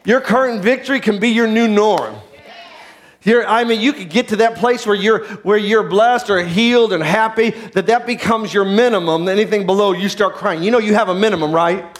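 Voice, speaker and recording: A man preaching a sermon, swinging from quiet low lines to loud shouted ones and having the congregation repeat phrases after him. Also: moderate pace. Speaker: pastor.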